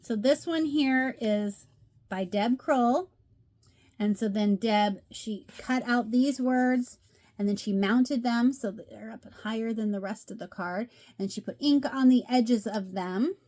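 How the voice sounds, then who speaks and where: A woman's voice: on the high side, a little slow, darkish tone. A middle-aged woman chatting casually as she shows off craft cards, gushing and repeating how much she loves each one. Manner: gushing, chatty, says "love" a lot. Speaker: craft video host. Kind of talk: casual show-and-tell chat.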